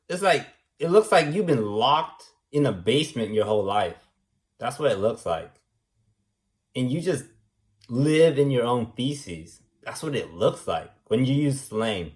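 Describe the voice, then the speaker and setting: A man delivering a rambling, preachy monologue, repeating himself and tagging lines with "man" and "right". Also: mid-range voice. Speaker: vlogger.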